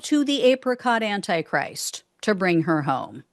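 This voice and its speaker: A woman's voice: mid-range voice, very animated, a little slow, no echo, studio quality. A woman hosting solo political commentary in an indignant, sarcastic way, with exasperated outbursts.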